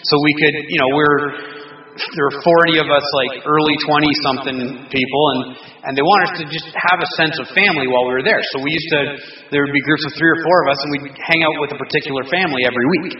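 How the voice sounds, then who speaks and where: A man's voice: fairly high pitch, quick pace. A man teaching a casual Bible study to a group of men, rambling with restarts, joking and chuckling as he goes. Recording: roomy distant dull recording with faint noise.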